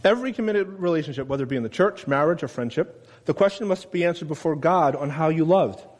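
A man preaching a sermon in a conversational way, asking his listeners questions and loudly acting out the quotes he reads. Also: fairly high pitch, lively intonation, quick pace. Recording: long reverb of a large room.

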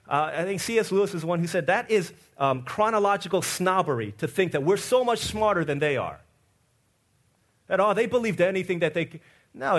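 High-voiced man preaching a lively sermon. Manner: storytelling, swings between loud excited asides and quiet low passages; acts out the people in his stories with lively quoted voices. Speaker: pastor. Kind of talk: Easter sermon.

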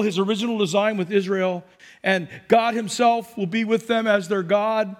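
Male pastor, high voice, animated sermon storytelling, long hall reverb. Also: normal speed. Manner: animated storytelling with repetitions and asides.

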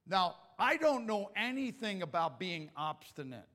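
Man, pastor, high bright voice, conversational sermon with jokes, reverberant hall. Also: sing-song, a little slow. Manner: conversational and joking, acts out quoted lines.

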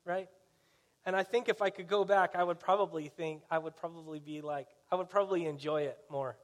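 A pastor preaching a sermon in a conversational storytelling way, often asking the listeners questions. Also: male voice, fairly high pitch, fairly even intonation, fairly quick.

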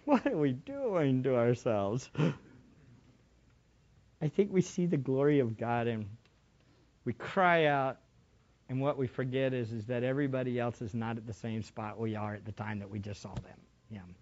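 Passionate preacher, lo-fi sound. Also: male voice, mid-range voice, expressive, normal speed. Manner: passionate, swings from quiet asides to shouting. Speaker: pastor. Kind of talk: sermon.

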